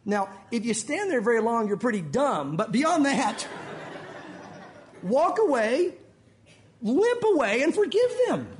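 A male pastor preaching a sermon, animated and folksy, with joking asides to the congregation. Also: very high voice.

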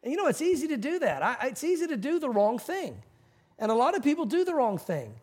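High-voiced male preacher. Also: huge pitch swings, a little fast, darkish tone. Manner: storytelling with acted-out quotes. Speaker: pastor. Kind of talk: sermon.

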